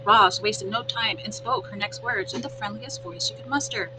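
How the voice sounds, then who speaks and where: A woman reading a children's storybook aloud as a teacher, with clear, expressive storytelling. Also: medium pitch, normal speed. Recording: humming background noise.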